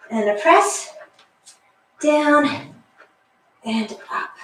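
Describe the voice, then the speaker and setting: Lady fitness instructor, a bit high, slightly winded, chatty, far from the mic. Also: slight background noise. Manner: encouraging, counts reps, chatty asides. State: slightly out of breath. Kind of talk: guided workout class. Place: exercise room with a wall. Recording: echoey room, mic far off.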